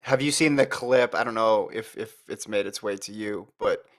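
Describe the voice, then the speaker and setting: A man's voice: lowish voice, normal speed. An American man co-hosting a podcast, telling stories with laughs and analysing a marathon in casual chat. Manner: laughing, storytelling. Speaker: podcast co-host.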